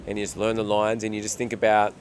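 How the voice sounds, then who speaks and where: A man's voice: on the low side, monotone, fast, slight background noise. A man with an Australian accent, an actor answering interview questions in a reflective way, thinking aloud with fillers.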